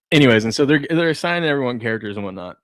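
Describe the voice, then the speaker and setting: A man's voice: medium pitch, a bit bright, dry recording. A man in his thirties co-hosting a sports talk show, chatting casually and laughing as he tells family stories. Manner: storytelling, laughs often, acts out his kids' voices. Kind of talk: casual chat.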